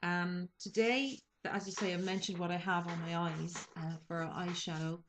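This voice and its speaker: A young woman talks her viewers through the makeup she is using this week, in a casual, unscripted way. Her voice sits a little low for a woman, and she keeps pausing and restarting her sentences. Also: fairly even intonation, noisy background. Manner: hesitant, lots of ums and restarts. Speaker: beauty vlogger. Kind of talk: casual makeup chat to camera.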